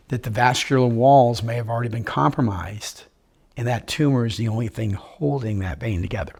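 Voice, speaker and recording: A man's voice: mid-range voice, gravelly, a little mellow, slightly rough. A man telling his own story in an interview, upbeat and joking, acting out what others said to him. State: living with terminal illness. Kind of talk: personal storytelling.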